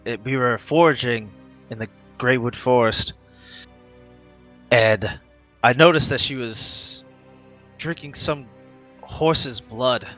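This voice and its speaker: A man's voice: medium pitch, slow, pauses often, fairly bright tone, soft background music. A man voicing an older male town master of arms who speaks bluntly and matter-of-factly. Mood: stern.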